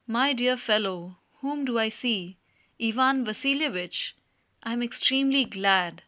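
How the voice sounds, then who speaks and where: Bright-toned gushing old landowner guy, heaps on the sweet names, read by a woman. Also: on the high side, measured pace, dry recording, clean studio sound. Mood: effusive. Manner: fawning, heaps on endearments. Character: gushing older male landowner, effusive.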